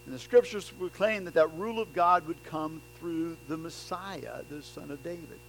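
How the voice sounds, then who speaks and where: A man preaching a sermon, dropping to soft low passages and then rising into loud, emphatic declarations. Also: moderate pace, soft background music, rough recording. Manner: swings between soft, low stretches and loud, emphatic bursts.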